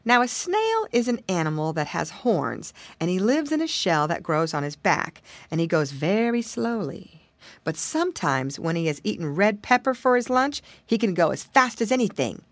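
A woman narrating a children's storybook in a playful, expressive manner. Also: on the low side, normal speed, no echo. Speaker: audiobook reader.

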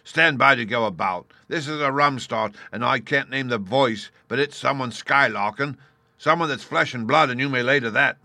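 A man voicing a bold, cunning pirate leader with gruff, blustering sailor talk. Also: medium pitch, moderate pace, pushed and bright, dry recording, pitched above the performer's own voice. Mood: rallying.

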